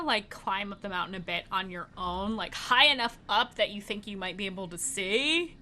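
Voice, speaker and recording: A woman's voice: mid-range voice, sharp tone, slight background noise. A woman narrating as dungeon master of a tabletop game, chatty and laughing often, thinking aloud with fillers.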